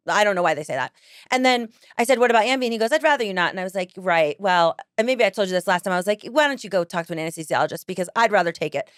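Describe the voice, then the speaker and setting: A woman podcast host telling a personal story in casual chat, animated, laughing often and acting out other people's lines. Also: mid-range voice, dry recording, studio quality.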